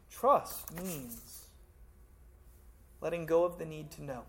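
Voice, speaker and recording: A pastor delivering a sermon in a fairly high-pitched male voice. He talks to the congregation in a conversational way, pushing some phrases out loud and dropping others to a near hush. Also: slow, long pauses. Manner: conversational preaching, swinging between loud emphasis and hushed asides.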